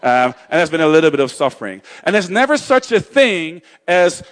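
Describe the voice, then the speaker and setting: A man's voice: fairly high pitch, sing-song, a little fast. A middle-aged man giving a conversational talk on faith and suffering, with frequent restarts and joking asides.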